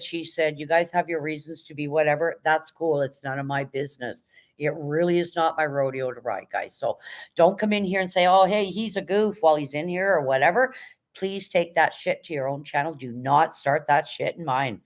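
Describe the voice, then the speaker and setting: A woman hosting a casual livestream, firmly but politely moderating her chat and reading messages aloud. She sounds tired. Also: sits low. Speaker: livestream host.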